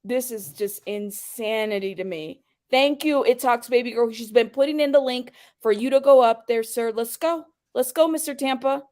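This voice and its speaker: Woman, high voice, livestream host, heated, confrontational, calling out her chat. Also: moderate pace, hardly any pauses, a little mellow.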